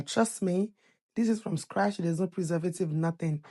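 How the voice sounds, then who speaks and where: A woman talks viewers through her cooking in a loose, chatty voice-over, teasing and joking as she goes. Her voice sits a little low for a woman. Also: a little slow. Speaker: cooking channel host. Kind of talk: casual voice-over narrating a cooking video.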